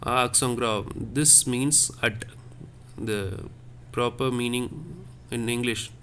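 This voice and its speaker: A man's voice: mid-range voice, slow pace, a bit bright, slight background noise. A man teaching a lesson on French accents, explaining patiently and repeating each point step by step.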